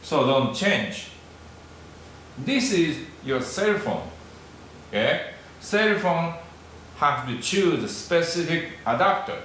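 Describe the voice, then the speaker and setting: Slow-spoken teacher in a very echoey room. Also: male voice, fairly high pitch, very animated, fairly bright tone. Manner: slow, repeats syllables, checks in with "okay?". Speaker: Japanese language teacher. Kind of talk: classroom lesson. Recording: very echoey room with faint noise.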